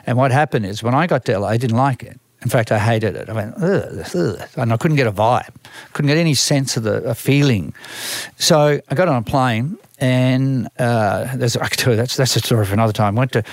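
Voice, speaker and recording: A man's voice: medium pitch, brisk, no echo. An older man with an Australian accent, a music manager telling long stories in an interview, with many restarts and repeated words. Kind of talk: storytelling interview.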